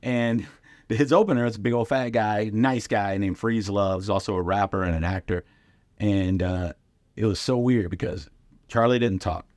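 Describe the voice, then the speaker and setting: A man's voice: on the low side, fairly even intonation, normal speed, a little mellow, no echo. A middle-aged man, a comedian, telling casual stories on a podcast and acting out the voices of other people in his quotes. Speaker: comedian guest.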